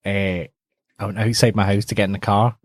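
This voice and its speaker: A man's voice: on the low side, flat delivery, brisk, no room sound, studio quality. Self-deprecating man, hesitant delivery. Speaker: podcast co-host. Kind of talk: casual comedic chat.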